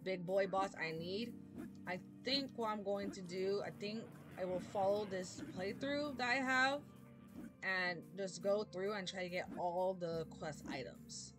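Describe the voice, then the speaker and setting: A woman commenting on her video game playthrough, hoarse from losing her voice and rambling with many ums. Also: medium pitch, unhurried. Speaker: gamer doing a playthrough. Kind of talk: let's play commentary. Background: game music.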